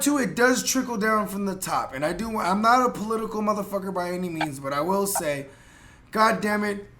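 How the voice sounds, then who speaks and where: A man's voice: sits high, animated, fairly quick, pushed and bright, a little hiss or hum. A man from San Jose hosting a casual podcast chat, talking in a rambling, profane, heated way with many fillers and restarts. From San Jose, California. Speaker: podcast host.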